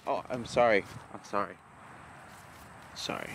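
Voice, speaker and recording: A man's voice: medium pitch, lively intonation, normal speed, long pauses, fairly bright tone, a little hiss or hum. A young man vlogging casually while walking through an outdoor park, joking and ranting in mock exasperation.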